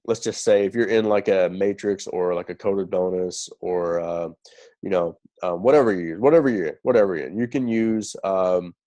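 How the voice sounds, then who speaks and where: A man's voice: sits low, normal speed, warm tone. A man teaching a recruiting lesson who keeps checking in with "okay?" and repeats key phrases for emphasis. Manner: checks in constantly with "okay?" and "right?". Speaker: sales recruiting trainer. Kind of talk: recorded training lesson.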